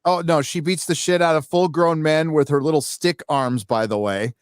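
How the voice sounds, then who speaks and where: A man's voice: a little high, moderate pace, clean tone, no echo, clean studio sound. Rambling, swearing podcast man. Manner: profane, rambling, animated storytelling. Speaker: show co-host. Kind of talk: casual podcast chat.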